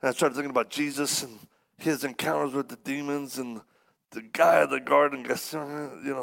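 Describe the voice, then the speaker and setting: A man's voice: mid-range voice, normal speed, vocal fry. A man preaching to a church congregation, telling a story with humor and acting out the people in it. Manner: animated, acts out the people in his stories. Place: church service before a congregation.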